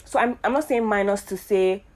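A woman from Nigeria hosting her own show, talking in a casual, earnest and reflective monologue full of fillers and pauses. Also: mid-range voice. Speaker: podcast host.

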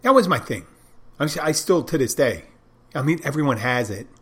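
A man in a relaxed solo talk who wanders from point to point and often trips over his own restarts. His voice sits at an ordinary mid pitch with a conversational, thinking-aloud delivery. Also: moderate pace, husky. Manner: rambling, self-interrupting, conversational. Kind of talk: casual monologue.

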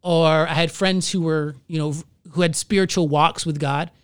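A man who is a pastor, telling his own story in an earnest, halting way and searching for his words. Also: a little high, steady tone, clean tone, no echo. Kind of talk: candid personal testimony in conversation.

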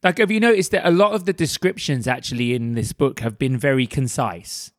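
A man's voice: medium pitch, brisk, no echo, studio quality. A man co-hosting a book podcast, chatting casually and riffing with jokes. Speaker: podcast co-host.

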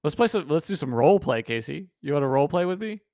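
A man's voice: a little high, very animated, fast talker, darkish tone, dry recording, studio quality. A man co-hosting a casual sports podcast, goofy and playful, pushing silly bits on his co-host.

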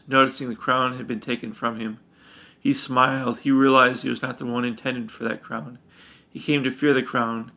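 A man reads a dark fantasy story aloud in a gravelly mid-pitched voice. His delivery stays quite flat, and he sometimes stumbles and corrects himself mid-sentence. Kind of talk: fantasy audiobook narration.

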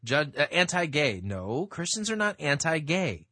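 A man's voice: fairly high pitch, big pitch swings, moderate pace, hardly any pauses, sharp tone, no echo, studio quality. A man hosting a talk show who reads from an article and answers it in a sarcastic, dismissive way, with many fillers. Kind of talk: commentary on a read-aloud article.

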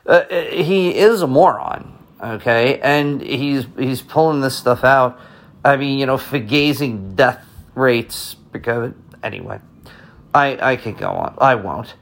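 A man's voice: mid-range voice, animated, slow pace. A middle-aged American man who teaches, giving an impassioned, rambling opinion monologue full of restarts and fillers. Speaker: teacher and podcast host.

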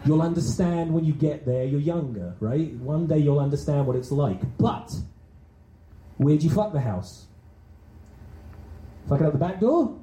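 A man's voice: a little high, lively intonation, unhurried, pauses often, mellow, reverberant, rough recording. A man doing a rambling, self-deprecating, crude stand-up set, bantering with a small audience. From England. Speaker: stand-up comedian. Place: small comedy venue with few people.

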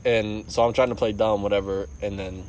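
A man's voice: fairly low pitch, level tone, fairly quick, darkish tone, distant mic, slight background noise. A man telling a rambling bar story on a podcast, restarting and swearing a lot. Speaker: podcast co-host. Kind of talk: casual storytelling.

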